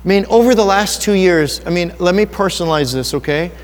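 High-voiced preacher in a reverberant hall. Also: male voice, a little fast. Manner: earnest, personal and conversational, with rhetorical questions. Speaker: pastor. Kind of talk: sermon.

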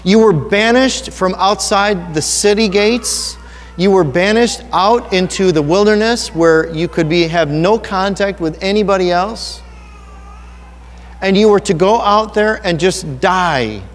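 A man's voice: high-pitched, a little slow. A man preaching a sermon in an earnest, personal, conversational way, asking his listeners rhetorical questions. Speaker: pastor. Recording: long hall reverb.

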